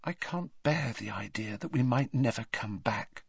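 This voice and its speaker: Guy putting on a soft worried schoolgirl, clever and earnest, up high but gentle, dull dry audiobook sound. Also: huge pitch swings, takes it slowly, husky, no echo, full character voice. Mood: sad. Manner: soft, pleading, raised pitch. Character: clever anxious teenage girl, earnest.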